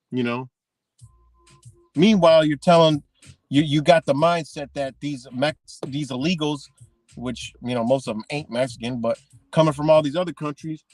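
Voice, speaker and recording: A man's voice: on the high side, a little mellow, dry recording. A man ranting in a heated, profane monologue, repeating himself and swearing often. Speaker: vlogger.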